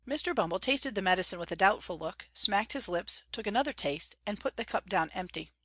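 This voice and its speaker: A woman reads a classic novel aloud in a measured, clear storytelling manner. Her voice sits at an ordinary middle pitch. The recording is dry and close to the mic. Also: expressive, a bit bright, dry recording. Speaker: audiobook reader. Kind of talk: audiobook narration.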